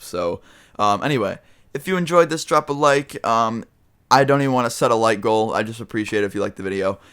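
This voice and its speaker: A man's voice: lowish voice, a bit bright. A young man telling a casual storytime vlog, rambling with lots of fillers and swearing. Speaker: vlogger.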